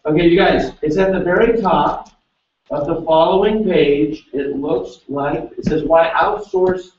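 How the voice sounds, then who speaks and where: A man's voice: fairly high pitch, very animated, measured pace, a little mellow, slight background noise. A man presenting a live seminar, energetically quizzing his audience and urging them on. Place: large seminar hall. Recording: echoey room, distant lo-fi mic.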